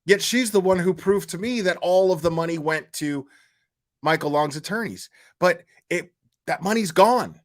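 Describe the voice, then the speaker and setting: A man's voice: high-pitched, normal speed. A man hosting a casual commentary stream, talking bluntly with lots of fillers, restarts and swearing, sounding exasperated. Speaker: YouTube commentary host.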